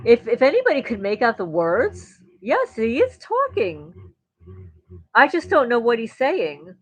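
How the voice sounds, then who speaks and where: A woman's voice: fairly high pitch, huge pitch swings, a little slow, husky, no echo, poor audio. A woman hosting a livestream, chatting in a rambling way and answering viewer comments. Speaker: livestream host. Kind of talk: casual livestream chat.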